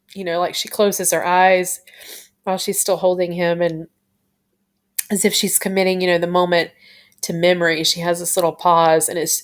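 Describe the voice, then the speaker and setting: A woman reviewing a TV episode in a casual, gushing way, full of fillers and retold scenes. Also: fairly low pitch. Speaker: TV show reviewer.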